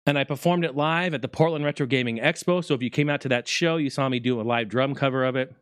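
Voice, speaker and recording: A man ranting excitedly to his viewers about retro game consoles, swearing freely and talking straight to the audience. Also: medium pitch, fast talker, smooth, no echo, studio quality. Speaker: gaming video creator. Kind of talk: excited casual rant to camera.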